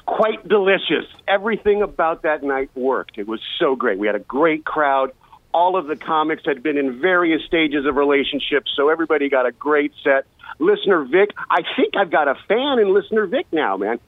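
Man, upbeat and joking, slightly high voice, phone-line sound. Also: no room sound. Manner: upbeat, joking, quick pitch with fillers. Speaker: comedy show producer, radio guest. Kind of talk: casual radio chat. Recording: tinny phone line, dry.

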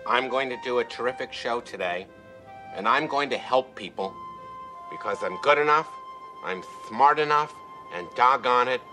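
This is a lisping, painfully sincere self-help host from a comedy sketch, as a man plays him. He reads his affirmations slowly and soothingly, at a middle pitch. Music plays clearly behind him. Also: lightly acted. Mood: earnest. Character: gentle, earnest male self-help TV host.

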